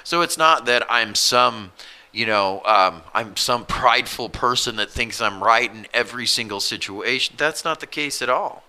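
A man's voice: mid-range voice, expressive, normal speed, sharp tone. A man in his forties talking casually and earnestly about his faith, blunt and self-deprecating. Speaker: co-host. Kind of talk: casual Christian podcast chat.

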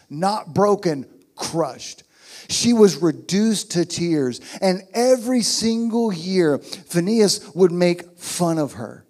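A man's voice: on the high side, darkish tone. A man preaching a sermon as pastor, emphatic and repeating his key phrases.

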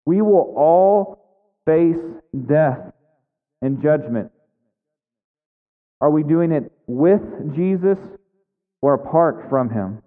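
A male pastor with a fairly high, expressive voice preaches slowly with frequent pauses in a church, starting earnest and then pressing each point with fervent emphasis. The audio is thin and phone-like, with the long reverb of a big hall.

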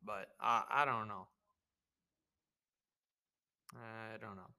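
A man's voice: fairly low pitch, fairly even intonation, slow, gravelly, sharp tone, clear, resonant tone. A young man hosting a podcast, telling a rambling, profane story in a laid-back, casual monologue. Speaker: podcast host.

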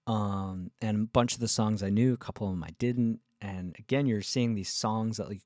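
Rambling, excitable man telling a story. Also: lowish voice, normal speed, no room sound, studio quality. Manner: rambling and excitable, with many fillers and restarts. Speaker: musician vlogger. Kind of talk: casual storytelling vlog.

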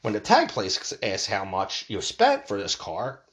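A man's voice: fairly low pitch, measured pace. A man telling a rambling story in a casual rant, swearing freely and restarting sentences as he goes. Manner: animated, profane, rambling storytelling. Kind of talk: casual ranting monologue.

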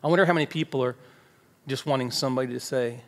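A man's voice: mid-range voice, quick pace. A man preaching a conversational sermon as pastor, acting out everyday dialogue in quoted voices. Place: church sanctuary. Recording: long hall reverb with faint music behind.

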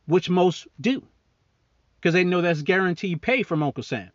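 A man's voice: high voice, lively intonation, moderate pace, no room sound, highs cut off. Profane, heated man ranting on a podcast. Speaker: podcast host; military service member. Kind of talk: angry political rant.

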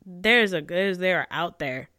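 A woman chatting casually as a co-host, retelling a film with giggles and animated acted-out quotes. Her voice is smooth and clear, recorded close and dry with no room sound. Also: fairly low pitch, measured pace, dry recording. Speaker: podcast co-host. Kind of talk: casual chat recapping a film.

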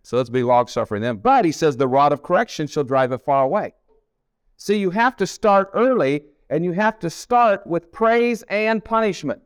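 A man's voice: fairly high pitch, expressive, normal speed, clean tone, no room sound, clean studio sound. A middle-aged man preaching a sermon, telling family stories in a folksy way and repeating himself for emphasis. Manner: folksy storytelling with emphatic repetition. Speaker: pastor. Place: camp meeting hall.

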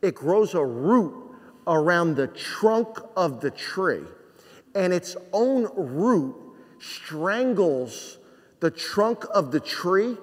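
A man from New Jersey delivering a sermon, his voice carried by a long hall reverb. He preaches in a conversational way, full of rhetorical questions, and his voice sits a little high for a man. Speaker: pastor.

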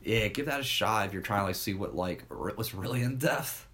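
A young man chatting casually in a slangy, laid-back way, swearing freely. His voice sits on the low side. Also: brisk, a bit bright. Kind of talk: casual chat.

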